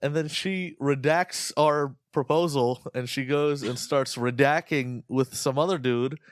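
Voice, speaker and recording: A man's voice: medium pitch, unhurried, no echo, clean studio sound. A man co-hosting a podcast, rambling and joking crudely in casual comedic chat. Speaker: podcast co-host.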